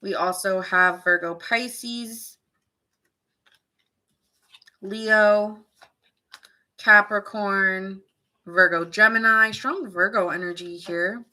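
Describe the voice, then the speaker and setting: Bright-voiced woman chatting through a tarot reading. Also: mid-range voice, very slow, long pauses. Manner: casual, chatty, reacts to viewers' comments; laughs often, muses aloud. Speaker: tarot reader. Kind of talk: live tarot reading chat.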